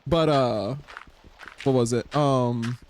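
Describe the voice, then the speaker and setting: Brief: chatty streamer, mid pitch, rambling and self-mocking, light hiss and clicks. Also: slow, a little mellow. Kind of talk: casual gaming chat with friends.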